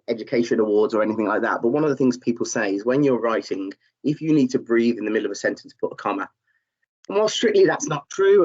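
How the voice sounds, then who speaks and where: A man's voice: medium pitch, a little mellow. Guy running an online class, encouraging, lots of ums, mid voice, bit dull sounding call audio. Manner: encouraging, reads out chat replies, many fillers. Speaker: tutor. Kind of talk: live online lesson. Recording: slightly dull, muffled audio.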